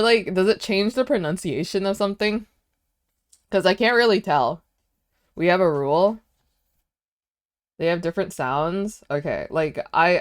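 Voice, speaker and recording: A woman streamer talks her way through a language lesson, playful and chatty as she sounds out words. Her voice is smooth and clear, a little on the low side. She speaks slowly into a close, dry mic. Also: no room sound. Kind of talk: casual livestream chat during a language lesson.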